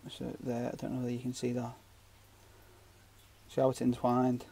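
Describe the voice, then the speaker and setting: A man's voice: mid-range voice, monotone, moderate pace, creaky, mellow, a little hiss or hum. A man giving a casual, rambling fishing knot tutorial with jokey asides. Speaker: fishing channel host.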